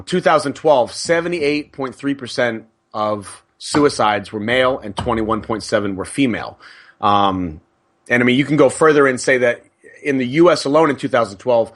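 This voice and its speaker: A man on a podcast, making his case in an earnest, explanatory way. His voice sits at an ordinary middle pitch, and he backs up his points with numbers. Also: a bit bright. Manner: earnest, explanatory, cites statistics. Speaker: podcast co-host. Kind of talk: casual podcast discussion.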